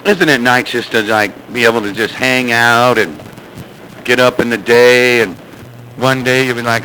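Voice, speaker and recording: Folksy guy on the cb from his radio room, bright tense voice, little hiss behind. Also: mid-range voice, moderate pace, low-quality recording. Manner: folksy, playful drawl with slangy nicknames. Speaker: CB radio operator. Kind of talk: casual CB radio chat.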